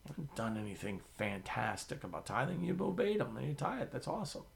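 A man preaching a sermon as the pastor, telling stories with sudden drops to a whisper and swells of loudness. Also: mid-range voice, quick pace, vocal fry, a little hiss or hum. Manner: animated storytelling, drops to a whisper and swells loud.

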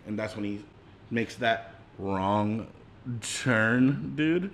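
A man co-hosting a podcast, recapping a movie in relaxed, slangy chat with casual swearing. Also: on the low side, slow, slight background noise. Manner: laid-back, slangy, swearing. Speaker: podcast co-host.

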